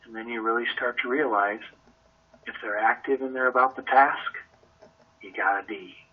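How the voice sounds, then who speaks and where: A man's voice: medium pitch, steady tone, moderate pace, husky, narrow, tinny audio. A man leading a sales training session over a conference call, talking energetically and conversationally and asking lots of rhetorical questions.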